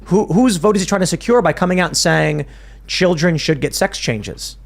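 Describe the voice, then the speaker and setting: A man hosts a political discussion show and argues his points at length, doubling back on his words as he reasons aloud. His voice sits a little higher than most men's. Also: vocal fry. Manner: argumentative, thinks aloud with quick restarts. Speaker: podcast host.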